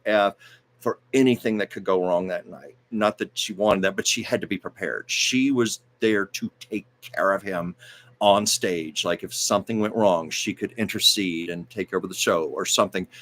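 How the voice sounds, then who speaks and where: A man with a somewhat low voice hosts a casual livestream. He talks in a chatty, digressive way, wandering between stories and viewer comments he reads aloud. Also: a bit bright. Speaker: host of a livestream show.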